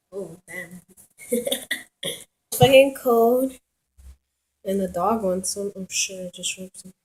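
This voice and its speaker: A woman's voice: medium pitch, slight background noise, poor audio. A woman vlogging casually at home in her kitchen, rambling, swearing and giggling as she talks.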